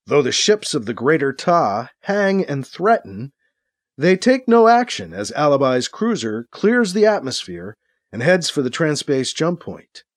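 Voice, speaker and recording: A man narrating a science-fiction radio drama with a clear storytelling delivery. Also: on the high side, big pitch swings, a little slow, no echo, clean studio sound.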